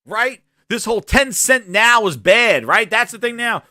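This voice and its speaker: A man's voice: very high voice, lively intonation, a little slow, hardly any pauses, pushed and bright, no room sound, studio quality. A man hosting a gaming podcast, delivering a heated, profane rant with mocking impressions. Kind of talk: ranting solo commentary.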